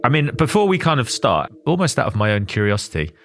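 A man's voice: mid-range voice, very animated, fast, fairly bright tone, faint music behind. A man from southern England hosting a documentary podcast, narrating and interviewing in a friendly way. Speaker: host and journalist.

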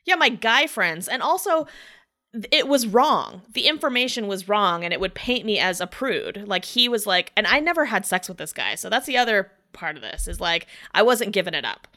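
A woman's voice: mid-range voice, expressive, normal speed, sharp tone. A woman telling a personal story in casual conversation, chatty, swearing freely and saying "like" a lot. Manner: acts out voices in quoted speech.

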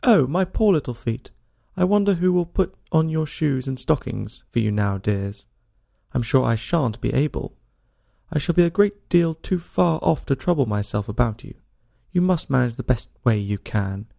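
A man's voice: mid-range voice, expressive, moderate pace, creaky, mellow. A man reading a storybook aloud and voicing a small curious girl who talks to herself in a rambling, worried way. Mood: fretting.

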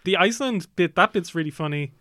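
Animated young man, dry mic. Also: high voice, quick pace, no room sound. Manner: animated, laughs often, acts out movie lines. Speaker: podcast co-host. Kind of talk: casual film podcast chat.

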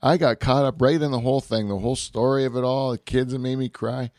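A man's voice: medium pitch, fairly even intonation, fast talker, darkish tone, no echo, studio quality. A man co-hosting a podcast, telling rambling stories in casual chat, swearing and laughing often. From Canada. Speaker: podcast co-host.

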